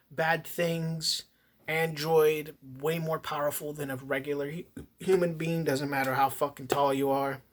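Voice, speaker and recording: A man's voice: mid-range voice, fairly bright tone. A man casually reviewing a movie in a rambling, profane rant full of swearing and restarts. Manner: profane, ranting, heavy swearing.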